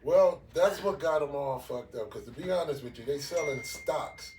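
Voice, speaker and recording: A man co-hosting a casual talk show, blunt and profane, talking in an animated way. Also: fairly high pitch, moderate pace, slight background noise. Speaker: podcast co-host. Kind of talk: casual chat. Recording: echoey room, mic at a distance.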